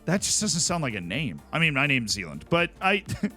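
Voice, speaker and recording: A man's voice: fairly high pitch, sing-song, fairly quick, pushed and bright, soft background music. A man streaming a sports management game, chatting wryly with his viewers. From Tampa, Florida. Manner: wry, chatty, talks to chat. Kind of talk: casual game commentary.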